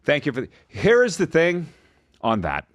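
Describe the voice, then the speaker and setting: Guy cohosting a hockey podcast, chatty storyteller, bouncy pitch, dead dry mic. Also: huge pitch swings, moderate pace, no echo, muffled recording. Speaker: podcast co-host. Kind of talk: casual sports chat.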